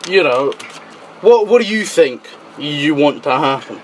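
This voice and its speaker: A male talk show host in loose, casual chat who jokes, swears and laughs a lot. He speaks slowly in a fairly high voice, with faint noise behind him. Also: lively intonation, rough recording. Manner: jokey, swears freely, laughs often.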